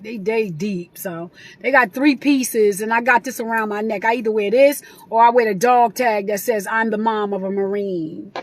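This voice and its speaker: A middle-aged woman talking casually and sentimentally as a guest on a live video chat. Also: on the high side. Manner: warm, chatty, sentimental.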